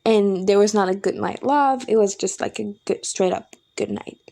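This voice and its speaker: A woman's voice: medium pitch, normal speed, gravelly, warm tone. A young woman hosting a podcast, telling a personal breakup story in a candid, exasperated way and swearing freely. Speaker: podcast host.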